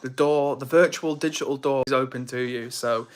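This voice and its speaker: A man's voice: mid-range voice, steady tone, normal speed. A young man chatting casually on a live stream, reading viewer comments aloud.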